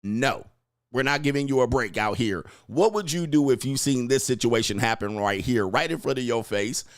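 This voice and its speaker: A man's voice: medium pitch, normal speed. A man coaching and commenting on clips in a crude, mocking way, laughing often. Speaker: dating coach.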